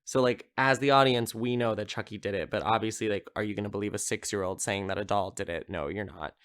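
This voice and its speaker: Smooth-voiced man chatting through a film recap. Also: lowish voice, steady tone, quick pace, fairly bright tone. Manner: chatty, heavy on "like" fillers, swears freely. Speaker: podcast host. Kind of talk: casual film recap podcast.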